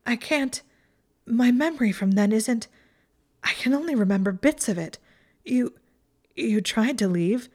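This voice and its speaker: A woman's voice: on the high side, expressive, slow, creaky, a little mellow, voice pushed up, full character voice. A woman voicing an anxious young witch, urgent and pleading, her voice climbing. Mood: distraught. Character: anxious clever young witch, easily distraught.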